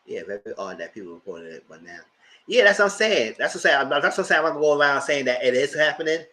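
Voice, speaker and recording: A man hosting a live TV review, chatting casually in a blunt, slangy, animated way. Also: on the high side, quick pace, low-quality recording. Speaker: host of a TV review channel.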